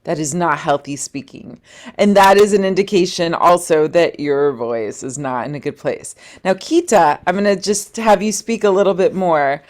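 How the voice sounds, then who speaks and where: A woman's voice: lowish voice, moderate pace, darkish tone. Upbeat woman vocal coach. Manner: upbeat, encouraging, chatty. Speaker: singing workshop coach. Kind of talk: online workshop coaching.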